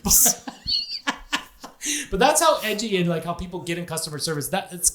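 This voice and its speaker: A man hosting a podcast, telling a profane, animated story in casual chat. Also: high voice, moderate pace, noisy background. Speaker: podcast host.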